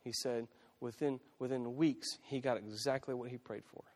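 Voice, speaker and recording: This pastor's voice is medium in pitch, steady and darkish, delivered at normal speed. Preaching in a church sanctuary, he talks in a conversational style full of restarts and repeated phrases, with a church hall's long reverb on the audio.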